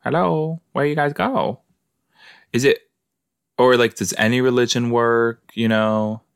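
Slow-talking man, rambling host. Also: medium pitch, steady tone, vocal fry, clean tone, no room sound, clean studio sound. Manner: rambling, chatty, talks to absent listeners. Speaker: podcast host. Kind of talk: casual watch-along commentary.

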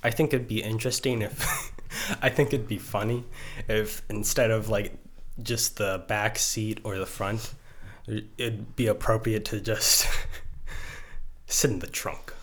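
A man's voice: on the low side, steady tone, unhurried, fairly bright tone. A man guest in a casual comedy chat, making goofy, absurd jokes. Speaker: podcast guest.

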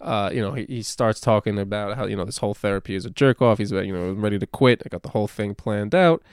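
A man's voice: fairly low pitch, fast talker, clean tone, dry recording, studio quality. A man co-hosting a podcast, talking casually and at length, swearing freely and filling gaps with uh and you know. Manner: animated, swears freely, rambling with many fillers. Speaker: podcast co-host.

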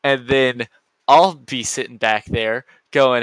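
A man's voice: mid-range voice, slow, a bit bright, smooth, no room sound. A man hosting a solo podcast, rambling goofily and often cutting himself off mid-sentence. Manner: goofy, rambling, self-interrupting. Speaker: podcast host.

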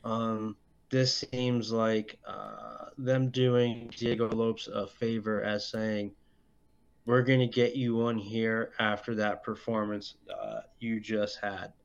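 A man co-hosting a casual fight podcast, speaking haltingly and filling his pauses with ums and uhs. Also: lowish voice, flat delivery, gravelly. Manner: slow, halting, lots of fillers. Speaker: podcast co-host. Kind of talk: casual chat. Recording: dull lo-fi audio.

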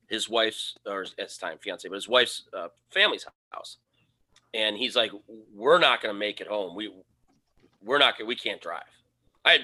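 A man co-hosting a podcast, telling a casual story and acting out the quoted lines with animation. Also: medium pitch. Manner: animated, acts out his own quoted lines. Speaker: podcast co-host.

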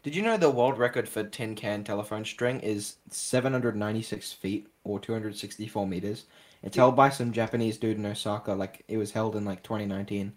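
A man's voice: on the low side, fairly quick. A young Australian man hosting a casual podcast, rambling and joking with lots of fillers. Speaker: podcast host.

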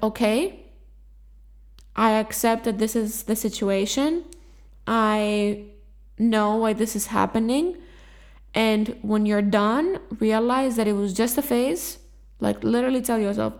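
A woman's voice: medium pitch, a little mellow. A young woman hosting a self-help podcast, talking candidly and swearing freely as she addresses her listeners. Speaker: podcast host. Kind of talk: casual self-help talk.

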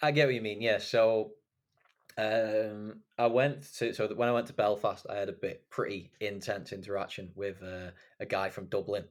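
A man from Wigan, a podcast host telling stories in a relaxed, casual way with lots of fillers. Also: on the low side, normal speed. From England, Wigan. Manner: relaxed storytelling with frequent fillers. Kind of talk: casual chat.

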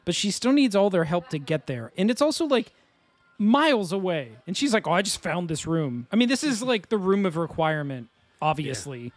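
A man's voice: high-pitched, sing-song, fairly quick, no echo. A man co-hosting a casual podcast with wry, dry observations. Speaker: podcast co-host. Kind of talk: casual chat.

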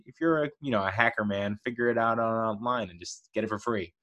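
A man's voice: fairly low pitch, quick pace, bright, forceful tone, highs cut off. A young man hosting a movie review podcast, talking casually in an enthusiastic, chatty, playful way.

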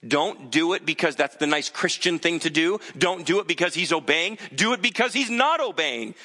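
A man's voice: a little high, animated, normal speed, few pauses, sharp tone, big-room sound. A male pastor preaching an earnest, urgent sermon and acting out the voices of the people he quotes.

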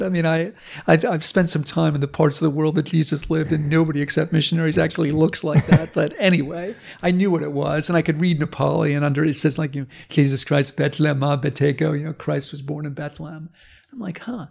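This man's voice sits fairly high and has a creaky texture, and he talks fairly quickly. He's a history professor recounting a story in conversation, animatedly acting out the people in it through blunt, emphatic, occasionally profane speech.

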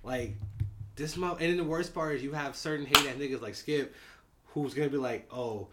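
A man co-hosts a podcast, ranting about basketball in loose, heavily profane sports chat. His voice sits a little high and moves fairly quickly, and the recording is very noisy.

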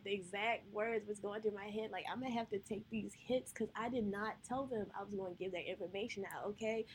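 A woman's voice: on the high side, lively intonation, brisk, slightly rough. A woman podcast host telling a personal story in a candid, profane, emotional way.

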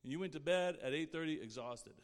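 A man with a somewhat high voice gives an earnest, heartfelt faith testimony. His words carry a long reverb, as if spoken in a large hall. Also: animated, fast. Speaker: guest speaker sharing his testimony.

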